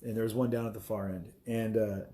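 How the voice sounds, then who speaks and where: A man's voice: fairly low pitch, flat delivery, quick pace, dark tone. Man rambling on a live stream. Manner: rambling, many fillers, chuckling asides. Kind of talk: casual live-stream chat.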